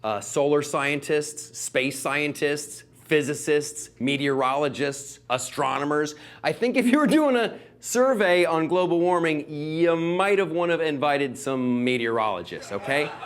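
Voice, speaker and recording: Sarcastic male comedian, slightly high voice. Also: measured pace, hardly any pauses. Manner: sarcastic, rambling with fillers. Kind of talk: stand-up comedy monologue.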